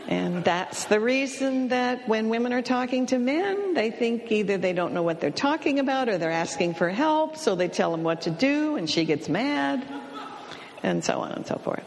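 A middle-aged woman from California giving a storytelling talk about communication, speaking slowly and deliberately and acting out the voices she quotes. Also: on the high side, sing-song, in a large hall.

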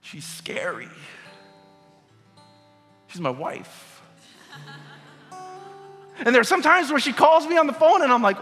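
A middle-aged male pastor preaches a sermon, sharing a personal story conversationally and posing questions to his audience. His voice is pushed and bright, pitched very high, with huge swings in pitch, and he speaks slowly with frequent pauses. The recording sounds like a reverberant hall with music playing.

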